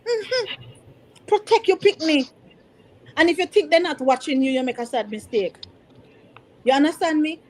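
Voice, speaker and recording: Addressing parents with passion, a Jamaican-accented woman teacher speaks emphatically, repeating points and slipping into patois. Her high voice has lively intonation at a normal speed, and she pauses often; the recording is rough.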